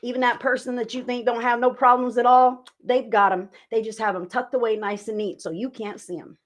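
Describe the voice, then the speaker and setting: A woman with a slightly high voice and fairly even intonation talks briskly while hosting a live tarot reading stream. She chats casually with viewers and swears occasionally, sometimes turning away from her desk mic.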